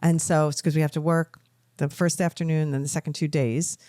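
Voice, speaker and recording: A woman's voice: sits low, fairly even intonation, brisk, mellow, no room sound, clean studio sound. A middle-aged woman co-hosting a podcast, chatting casually and telling emotional, rambling stories. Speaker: podcast co-host. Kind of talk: casual chat.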